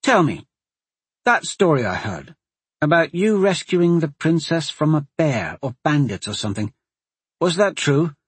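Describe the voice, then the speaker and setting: A man's voice: fairly high pitch, very animated, a little slow, breathy edge, no room sound, pitched above the performer's own voice, exaggerated voice. Man voicing a hearty teasing woman soldier. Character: gruff friendly woman soldier.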